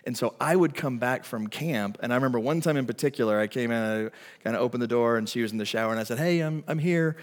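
A middle-aged man preaching a sermon as pastor, telling stories in an animated, emphatic way. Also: medium pitch, quick pace, long reverb tail.

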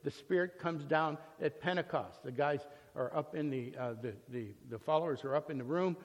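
A man with a fairly high voice teaches from the Bible in a relaxed, storytelling way, often pausing on fillers and restarting his sentences. His voice rings with a long reverb, as if recorded in a large hall.

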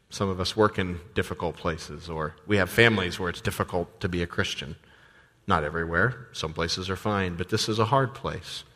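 Low-voiced pastor preaching in reverberant church. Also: male voice, moderate pace, fairly bright tone. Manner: conversational, with frequent fillers and restarts. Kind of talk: sermon. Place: church sanctuary.

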